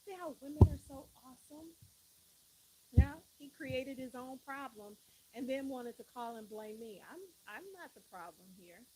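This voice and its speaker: A woman's voice: high-pitched, normal speed, warm tone, slight background noise, poor audio. A woman hosting a live stream, chatting casually and animatedly, often breaking into laughter.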